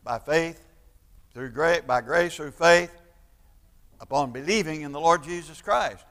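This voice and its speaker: A man preaching a sermon, stumbling over restarts and then building to loud, emphatic points. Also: fairly high pitch, measured pace. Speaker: pastor. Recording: long church-hall reverb.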